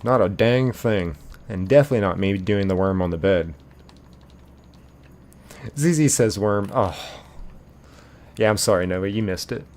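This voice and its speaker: A man hosting a casual live stream, reading viewer comments aloud in an animated way, laughing easily and thanking viewers by name. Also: on the low side, moderate pace, long pauses. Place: apartment bedroom.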